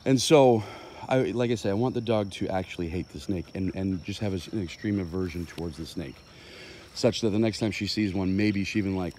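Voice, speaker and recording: A man's voice: deep voice, fairly quick, a little mellow, a little hiss or hum. A man, a dog trainer, explaining his methods in a loose, impromptu way on an outdoor walk, thinking aloud with plenty of fillers.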